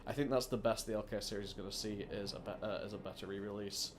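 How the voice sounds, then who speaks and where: A man's voice: lowish voice, steady tone, fast talker, slight background noise. A man hosting a let's play, chatting casually and rambling with many restarts. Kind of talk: casual gameplay commentary.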